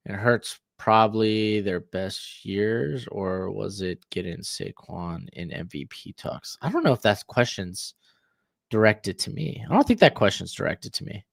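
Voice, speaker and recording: A young man hosts a football watch-along stream, chatting casually and jokingly, reading chat, reacting to plays, and rambling to both chat and his dog. His voice is lowish, gravelly, and animated, at a measured pace.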